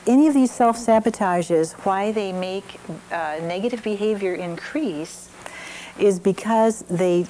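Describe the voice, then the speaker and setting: Older female instructor, story-driven class talk, low and mellow, some faint noise. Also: rough recording. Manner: warm storytelling with examples, frequent fillers. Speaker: parenting class teacher. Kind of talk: evening parenting class talk.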